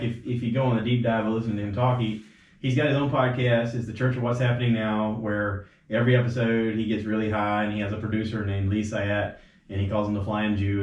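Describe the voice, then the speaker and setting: A man hosting a casual podcast, rambling through stories and acting out quotes with sudden jumps in his voice. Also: lowish voice. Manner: rambling storyteller, quotes others with animated voice jumps. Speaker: podcast host. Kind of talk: casual chat. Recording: roomy, slightly dull home recording.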